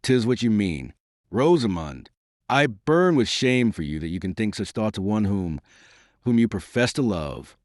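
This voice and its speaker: A man doing a proud, impassioned gentleman. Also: fairly low pitch, very animated, unhurried, dry recording, clean studio sound. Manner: impassioned and pleading. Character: proud, passionate English gentleman.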